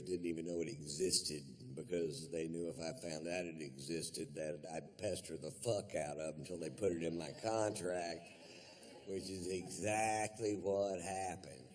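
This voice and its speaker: A man doing stand-up comedy on a live stage, telling a story in a drawling, deadpan, profane way. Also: deep voice. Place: live theater stage before an audience.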